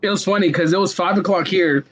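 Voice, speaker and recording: A man on a casual online chat, relaxed and quick to laugh. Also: high voice, no room sound. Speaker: guest.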